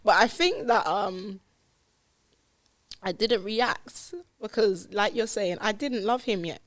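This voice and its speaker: A woman's voice: medium pitch, takes it slowly, no echo. A woman, a podcast guest telling her life story candidly and acting out the dialogue, recorded on a studio podcast mic. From London, England.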